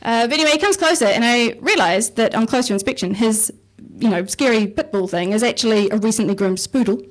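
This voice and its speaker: Woman, stand-up comic, higher voice, chatty, self-mocking, casual swearing, club stage mic. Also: expressive, a little fast, few pauses. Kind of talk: stand-up comedy set.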